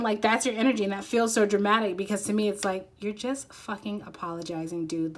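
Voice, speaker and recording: A woman's voice: mid-range voice, steady tone, brisk, few pauses. A woman giving a casual pick-a-card tarot reading, talking candidly with plenty of swearing, fillers and bursts of laughter.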